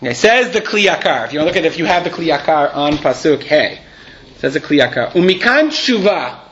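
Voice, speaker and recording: A man's voice: on the high side, big pitch swings, brisk, a bit bright, dull audio. A man teaching a live Torah class. He reads Hebrew and Aramaic passages aloud, explains them conversationally and asks his students questions.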